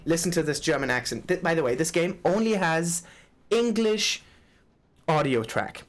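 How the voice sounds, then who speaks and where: A streamer chatting casually while playing a game, rambling, swearing and quick to laugh. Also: mid-range voice, expressive. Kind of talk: casual live-stream chat.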